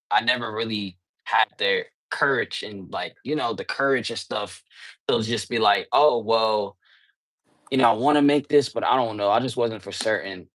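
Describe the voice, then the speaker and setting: A young man with a lowish voice talks through his answers in a meandering, casual way, packing in fillers and street slang. The recording is dry and close, with little room sound around him. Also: dry recording. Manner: rambling, filler-heavy, slangy, restarts often. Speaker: underground rapper, interview guest.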